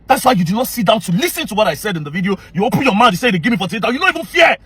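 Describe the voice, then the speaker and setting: Brief: Nigerian man with a Pidgin-inflected accent, rapid-fire and confrontational, dry close sound. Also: sits high, animated, slightly rough, dry recording. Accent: Nigerian Pidgin-inflected English. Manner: confrontational, heated, mixes English with Pidgin. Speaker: social media commentator. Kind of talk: angry direct-to-camera rant.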